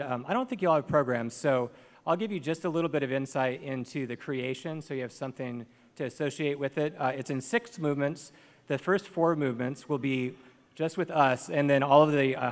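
A man, a guest composer, calmly introducing his new piece to a concert audience from a stage. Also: a little high, long reverb tail. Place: outdoor theater stage.

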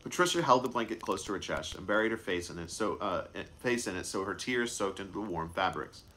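A man with a low, deep voice reads his own story aloud in a live reading. He trips over words now and then and goes back to fix them, keeping an unhurried storytelling tone. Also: lively intonation, fairly bright tone, a little hiss or hum. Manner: unscripted stumbles and self-corrections. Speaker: author and narrator.

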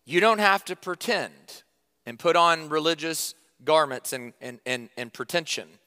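A man preaching a sermon to his church, conversational and emphatic, with sudden loud stresses and quiet drops. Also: fairly high pitch, lively intonation, unhurried, long reverb tail. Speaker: pastor.

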